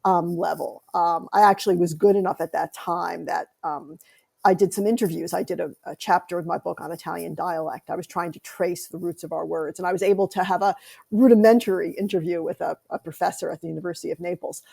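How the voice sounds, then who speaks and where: Gravelly-voiced American woman telling stories. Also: on the low side, fairly even intonation, a little fast, mellow. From United States. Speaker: author, podcast guest. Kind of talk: conversational interview.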